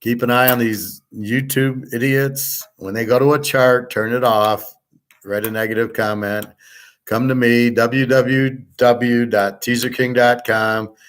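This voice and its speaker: A middle-aged host with a middle-pitched, slightly bright voice rants bluntly and profanely, wandering as he goes. His intonation stays fairly even and his pace measured. Listeners are addressed as his students, lectured throughout.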